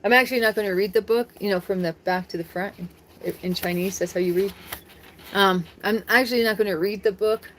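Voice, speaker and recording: A woman's voice: mid-range voice, fairly even intonation, brisk, slight background noise. A woman from the United States chatting casually on her live stream, rambling and laughing often.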